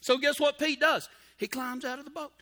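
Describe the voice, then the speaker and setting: A man's voice: extremely high pitch, level tone, a little fast, bright, forceful tone. A man preaching a sermon in a folksy, emphatic way, with cowboy slang and key phrases repeated for emphasis.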